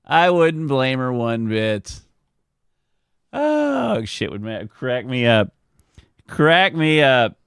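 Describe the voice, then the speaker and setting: A man's voice: mid-range voice, big pitch swings, drawn-out words, creaky, long pauses, fairly bright tone, smooth, no room sound, studio quality. A man streaming live, chatting casually with viewers and telling rambling stories about his family with frequent chuckles. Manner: rambling storyteller, chuckles often.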